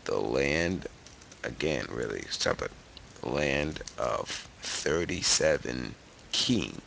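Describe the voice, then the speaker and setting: A man voicing a grandiose, self-styled dark noble ruler in a slow, low, mock-solemn voice. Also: lively intonation, vocal fry, slight background noise, heavily acted.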